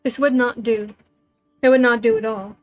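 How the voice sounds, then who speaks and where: Woman reading a novel out loud, higher voice, pretty flat and even, faint music. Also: moderate pace. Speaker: storyteller.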